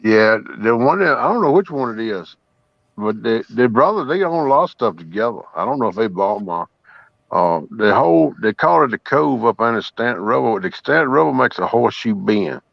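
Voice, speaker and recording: A man's voice: medium pitch, very animated, normal speed, creaky, dry recording. A man from Southern Virginia with a Southern Virginia twang, telling folksy stories in casual chat. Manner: folksy storytelling, acts out quoted voices. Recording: dull, dry sound.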